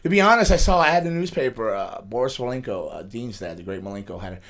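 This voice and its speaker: A middle-aged man speaks quickly in a studio interview. His pitch sits in the middle. He rambles through stories with many restarts. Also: expressive, fairly bright tone. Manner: fast, rambling storytelling with frequent restarts and laughs. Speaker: guest, pro wrestler. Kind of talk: casual storytelling interview.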